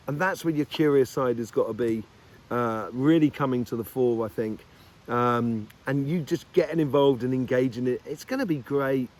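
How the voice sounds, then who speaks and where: A man's voice: on the high side, a little mellow. A man giving a casual weekly tarot reading, upbeat and encouraging, rambling along with lots of fillers. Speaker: tarot reader.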